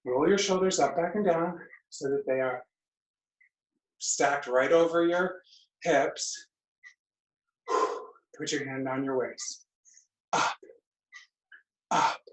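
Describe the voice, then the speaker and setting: Lady teaching a workout class on a video call, slow steady counting, roomy echo. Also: low-pitched. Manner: brisk counting and cueing, playful asides. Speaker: fitness instructor. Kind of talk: live online exercise class. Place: home room on a video call. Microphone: computer mic on a video call. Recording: echoey room.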